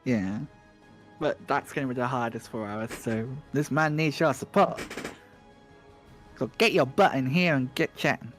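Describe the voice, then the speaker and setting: A man's voice: medium pitch, unhurried, long pauses, fairly bright tone, faint music behind. A man moderating a speedrun livestream, talking to viewers in a chatty, joking way with lots of restarts. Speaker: stream moderator co-hosting a speedrun stream. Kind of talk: casual stream chat, talking to viewers.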